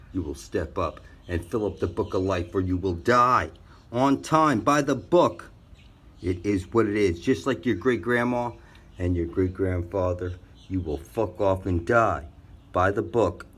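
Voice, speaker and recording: A man's voice: low voice, slight background noise. A man delivering a threatening, profane monologue as a channel host, taunting and contemptuous. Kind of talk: menacing monologue to camera.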